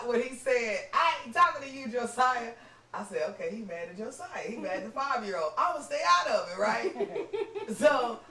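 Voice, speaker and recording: High bright animated male storyteller. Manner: animated, laughs, acts out quotes. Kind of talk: casual storytelling. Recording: roomy, distant mic, faint noise.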